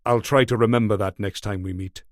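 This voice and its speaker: A man's voice: lowish voice, steady tone, fairly quick, dry recording, studio quality, lightly acted. A man voicing a desperate, cold young Northern Irish gunman who stays polite and defiant. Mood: cool.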